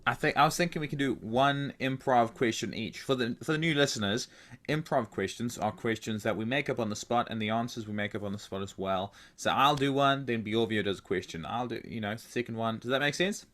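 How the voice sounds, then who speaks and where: A man's voice: mid-range voice, fairly quick, a bit bright. A man co-hosting a podcast in playful, improvised banter, joking and teasing with plenty of fillers. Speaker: podcast co-host.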